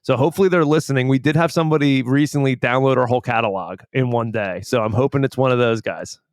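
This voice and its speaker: A man's voice: medium pitch, fast, no room sound, clean studio sound. A man co-hosting a podcast, telling a story in a casual chat, laughing often and acting out what people said. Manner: laughs often, animated storytelling with acted-out quotes. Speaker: podcast co-host.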